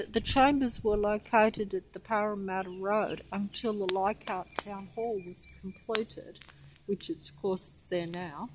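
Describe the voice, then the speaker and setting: An older woman talks slowly and haltingly, drifting off track as she reads. She is audibly out of breath, stopping to recover. Faint outdoor noise sits behind her voice. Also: medium pitch. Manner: rambling, loses her place, reads haltingly. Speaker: local history vlogger. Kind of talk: rambling walking vlog. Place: outdoors by a street plaque.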